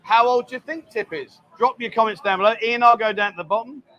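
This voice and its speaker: A man's voice: very high voice, fast, lo-fi sound. A man hosting a casual livestream from a bar, teasing his guest and reading viewer comments aloud. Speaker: bar show host.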